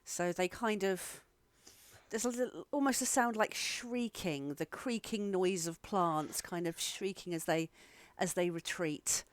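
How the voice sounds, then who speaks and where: A woman's voice: on the low side, unhurried, no echo. A woman running a tabletop game as game master, explaining rules and describing the scene in an encouraging way.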